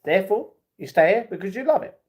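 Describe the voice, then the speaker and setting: Male streamer, slightly high voice, reads chat aloud and riffs on it. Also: expressive, quick pace, a little mellow. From United Kingdom. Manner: reads viewer comments aloud and reacts. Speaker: livestream host. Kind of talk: casual livestream chat.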